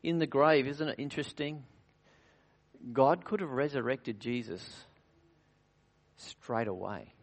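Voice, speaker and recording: A man serving as pastor, preaching earnestly at communion, asking rhetorical questions and sinking to quiet, intimate tones. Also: mid-range voice, unhurried, long pauses. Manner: earnest, varies loudness widely, drops to near-whisper at times; frequent restarts and rhetorical questions. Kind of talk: communion sermon.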